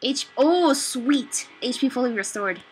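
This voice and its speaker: A young woman giving excitable, animated let's play commentary on a video game. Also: sits high, a little slow, faint music behind. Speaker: gamer.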